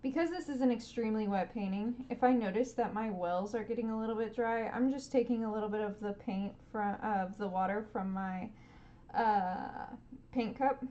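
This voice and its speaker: A woman streaming a live painting lesson, gently encouraging viewers and making playful sound effects as she paints. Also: medium pitch, normal speed, dull audio.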